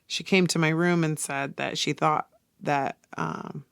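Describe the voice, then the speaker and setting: A woman's voice: sits low, steady tone, measured pace, gravelly, smooth, no room sound, studio quality. A woman in her forties hosting a podcast, talking in an earnest, confessional way straight to her listeners. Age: 40s. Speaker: podcast host. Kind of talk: casual podcast monologue.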